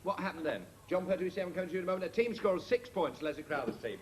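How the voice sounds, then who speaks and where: Man, comedy panel game host, brisk, jokey, calls scores, noisy archive TV sound. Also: sits high, lively intonation. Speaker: quiz host. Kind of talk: panel game hosting with audience. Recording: noisy old TV archive recording.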